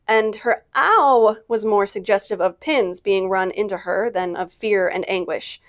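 A woman librarian narrating a classic novel aloud in an expressive, measured storytime reading. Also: mid-range voice.

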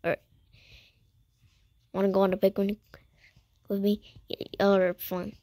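A woman's voice: medium pitch, flat delivery, unhurried, pauses often, mellow, no echo. A young woman improvising a fan voice-over for cartoon characters, slangy and swearing constantly, often dropping to a whisper. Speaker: amateur voice-over artist.

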